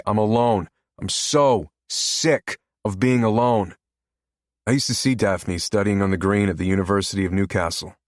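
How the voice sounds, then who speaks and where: A man's voice: lowish voice, no echo, studio quality, lightly acted. A man voicing a frustrated, lonely younger brother who swears as he vents. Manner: raw, exasperated, swears.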